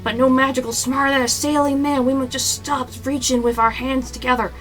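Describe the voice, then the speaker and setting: A woman's voice: high-pitched, flat delivery, fairly quick, fairly bright tone, faint music behind, low-quality recording. A woman doing a rowdy drunk sailor. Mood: drunken bragging. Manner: old-timey sailor slang, slurring swagger. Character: drunk rowdy male sailor, boastful and rambling.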